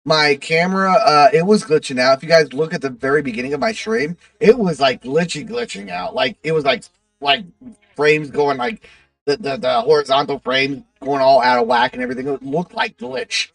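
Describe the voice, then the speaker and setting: A man's voice: high voice, expressive, normal speed, vocal fry, a bit bright, no echo, recorded from a distance. A man chatting casually on his livestream, rambling to his chat with lots of fillers.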